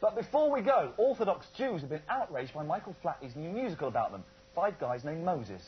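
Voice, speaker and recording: A man presenting satirical news, delivering jokes in a deadpan style. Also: a little high, fairly quick, breathy edge. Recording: dull TV audio with audience noise.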